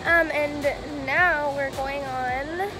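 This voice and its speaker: Very high-voiced giggly young woman vlogging. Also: drawn-out words. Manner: giggly, chatty, lots of "like". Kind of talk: casual vlog chat. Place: outdoor theme park. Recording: loud crowd and music noise.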